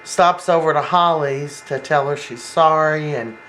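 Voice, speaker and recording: Casual soap recapper, mid-pitched, rambling with fillers, faint background hiss. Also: measured pace, a bit bright, rough recording. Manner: rambling, acts out quoted lines, many fillers.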